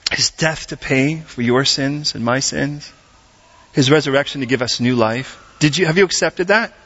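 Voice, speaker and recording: A man preaching a sermon in a church, animated and asking the congregation direct questions. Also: a little high. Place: church service. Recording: dull lo-fi recording.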